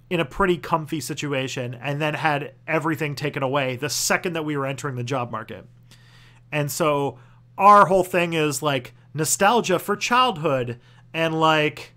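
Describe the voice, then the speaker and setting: A young adult man hosting a casual livestream Q&A, answering viewer questions in a rambling, halting way with constant restarts and the odd swear word. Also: a little high, fairly bright tone. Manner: loose and profane.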